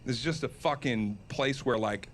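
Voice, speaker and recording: A man's voice: medium pitch, unhurried, a little hiss or hum. A man telling a comic story as a solo podcast host, self-mocking and laughing at his own tale. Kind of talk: comedic storytelling.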